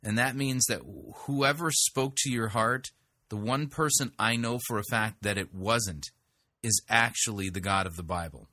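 A man's voice: on the low side, moderate pace, pushed and bright, dry recording, clean studio sound. A man commenting on sermon clips, blunt and sarcastic in his interjections. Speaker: sermon reviewer. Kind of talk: critical commentary over clips.

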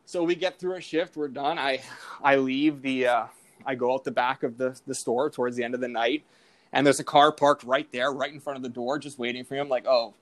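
A man's voice: mid-range voice, fairly even intonation, brisk. Young male podcast guest, loose rambling storyteller, filler-heavy, plain mid-range voice. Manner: rambling, lots of "like" and "I'm like" quotes. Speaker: guest, sports betting editor.

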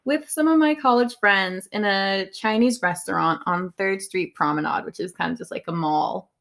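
A woman's voice: mid-range voice, moderate pace, vocal fry, a bit bright. A young woman in her twenties with a teasing, sarcastic, giggly manner, co-hosting a casual podcast chat as the daughter.

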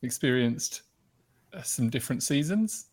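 A man co-hosting a podcast in casual chat, reflective and quick to laugh, drawing out phrases. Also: mid-range voice, expressive, darkish tone. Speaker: podcast co-host.

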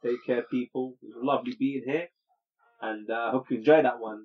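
Husky fast-talking man. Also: medium pitch. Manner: animated, slangy, motivational. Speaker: podcast co-host. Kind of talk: casual chat. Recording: dull lo-fi recording.

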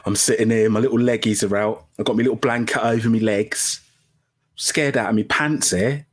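A man hosting a casual solo boxing podcast, chatty and self-mocking. He drops into low mumbles and then jumps up into loud, high bursts. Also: steady tone, moderate pace. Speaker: podcast host. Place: at home, sitting under a blanket. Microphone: home podcast mic.

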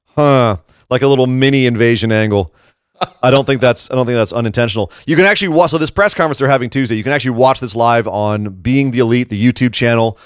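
Animated man chatting wrestling news, dry sound. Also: mid-range voice, clean tone, no room sound. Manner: animated, quick asides, many restarts. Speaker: podcast co-host. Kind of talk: casual wrestling news chat.

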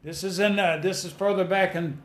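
High-voiced preacher, fervent and folksy. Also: male voice, steady tone, normal speed. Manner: folksy, repeats phrases, rises to fervent exhortation. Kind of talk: sermon.

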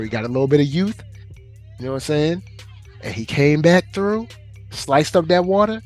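A man co-hosting an anime podcast, retelling scenes in slangy, animated casual chat. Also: a little high. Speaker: podcast co-host.

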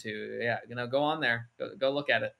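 A man co-hosting a relaxed gaming podcast. He talks in loose, rambling stretches, full of "um", "like" and restarts, at a middle pitch. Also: brisk, gravelly. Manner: loose, rambling, filler-heavy talk. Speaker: podcast co-host. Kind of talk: casual chat.

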